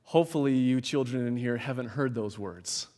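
A man preaching a sermon in a measured, emphatic way, with dramatic pauses, in a large church hall. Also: medium pitch, a little mellow. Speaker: pastor. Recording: long hall reverb.

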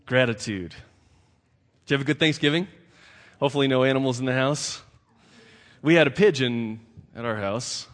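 A man's voice: mid-range voice, normal speed, pauses often. A man, a pastor giving a conversational sermon who repeats words as he builds his points. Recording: long reverb of a large hall.

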